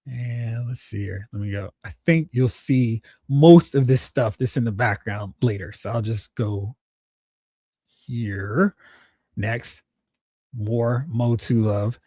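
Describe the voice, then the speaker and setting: A man's voice: medium pitch, slow pace, mellow. A man with a mid-range voice hosts a live stream in a loose, rambling way. He reacts with enthusiasm, speaks straight to the people in his chat, and often stops to restart a thought. The sound is dry and close, with no room echo. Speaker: toy collecting show host. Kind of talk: casual livestream chat.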